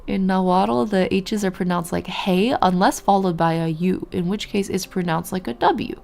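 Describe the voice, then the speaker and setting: A woman's voice: on the low side, moderate pace, creaky, mellow. A woman streamer chatting casually while playing a game and answering her chat. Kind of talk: casual gameplay commentary.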